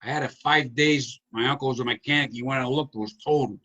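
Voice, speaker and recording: An older man from Rhode Island hosts a relaxed chat, spinning long, rambling comic anecdotes with animated energy. His voice sounds bright and forward, at an ordinary middle pitch. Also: fast, highs cut off. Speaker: host. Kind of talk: casual chat storytelling.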